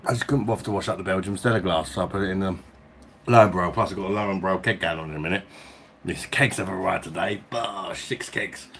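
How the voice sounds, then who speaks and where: A man from England with a slightly low voice hosts a casual live stream from home. He greets viewers by name and calls everyone mate in blokey slang. A faint hiss sits under his voice. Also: steady tone, fast talker, fairly bright tone. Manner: chatty, reads out viewer names and greets them. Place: at home, indoors.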